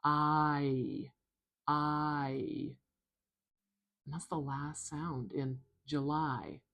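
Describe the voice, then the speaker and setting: A woman teaching phonetics in a slow, soft tutorial, patiently repeating each sound. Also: sits low, slightly rough.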